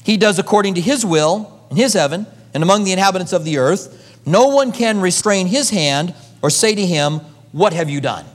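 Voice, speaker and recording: A man preaching a sermon, moving between loud emphasis and hushed asides, then leading a prayer. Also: sits high, lively intonation, normal speed, long reverb tail. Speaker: pastor.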